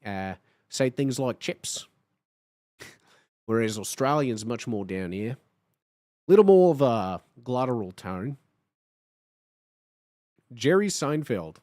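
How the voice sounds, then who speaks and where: A man's voice: mid-range voice, expressive, takes it slowly, long pauses, warm tone, no room sound, studio quality. A young man hosting a live stream, chatting casually with viewers, swearing and laughing often. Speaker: livestream host.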